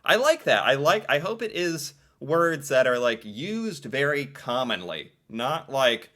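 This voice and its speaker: An American man giving casual reaction commentary in an excitable, playful way, with an American accent. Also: mid-range voice, takes it slowly. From United States. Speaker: reaction video creator.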